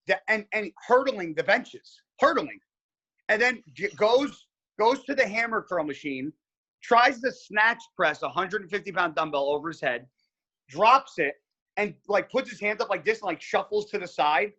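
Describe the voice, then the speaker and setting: A man with a slightly high, husky voice tells a story as a podcast guest. He talks with a forceful, tense edge and swears constantly. His delivery is animated and casual. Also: moderate pace, muffled recording. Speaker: podcast guest, pro bodybuilder.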